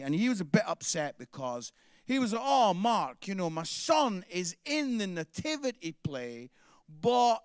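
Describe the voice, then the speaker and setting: A man's voice: extremely high pitch, dry recording, clean studio sound. A Scottish man performing a stand-up comedy set, bantering playfully with the crowd. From Scotland.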